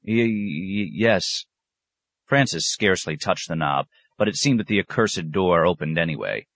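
Deep-voiced male audiobook narrator. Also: expressive, brisk, gravelly, fairly bright tone. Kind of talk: scripted narration.

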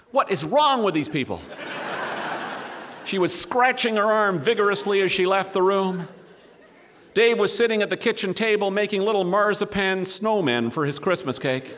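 A man's voice: high-pitched, fairly bright tone. A man telling a humorous story to a live audience, with wry asides. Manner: wry, dry comic delivery with asides.

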